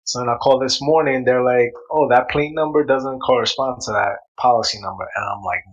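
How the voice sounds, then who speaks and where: A man in casual chat, telling a story in an animated way, swearing freely and acting out what people said. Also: medium pitch, brisk, hardly any pauses, rough recording.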